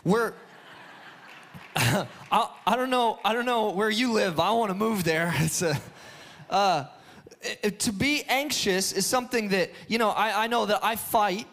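A man in his thirties preaching a sermon to a congregation, telling stories with animated restarts and sudden bursts of shouting. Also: high-pitched, unhurried. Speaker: pastor. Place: church hall before a congregation.

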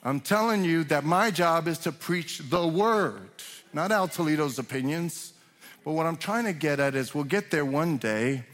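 Pastor preaching in a reverberant hall. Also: male voice, on the high side, expressive, normal speed, a bit bright, some chatter behind. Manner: conversational preaching with repeated restarts, swells in emphasis. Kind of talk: sermon. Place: church sanctuary.

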